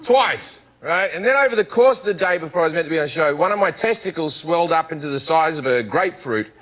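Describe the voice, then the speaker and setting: A man's voice: fairly high pitch, fast. A man with an Australian accent telling a comic anecdote as a talk show guest, laughing as he talks and acting out other people's voices. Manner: animated storytelling, laughs mid-sentence, acts out other voices. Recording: talk show clip with loud studio audience. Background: studio audience laughter.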